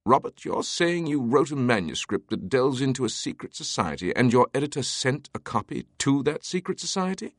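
A man's voice: medium pitch, sing-song, normal speed, few pauses, no echo, voice pushed up. Man putting on a chuckling aristocrat, older, scheming, raised voice, dry sound. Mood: wry. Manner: chuckling, grandly amused.

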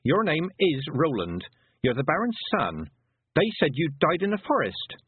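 A man voicing a sharp-witted, determined young witch girl who speaks in a brisk, practical way, a little higher than his own voice. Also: huge pitch swings, husky, no echo, heavily acted. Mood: urgent. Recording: tinny phone-like dry recording.

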